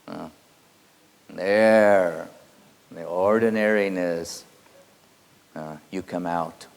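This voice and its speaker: A man giving a spiritual teaching, halting with many fillers and quietly intense. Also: low-pitched, gravelly, clear, resonant tone. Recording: long hall reverb.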